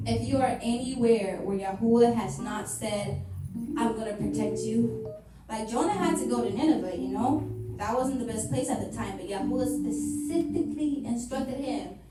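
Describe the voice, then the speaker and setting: A woman's voice: on the high side, normal speed. A woman preaching a sermon in a sarcastic way, slipping into mock voices of churchgoers. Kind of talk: sermon with mocking role-play. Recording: echoey hall, heard from far off, music behind.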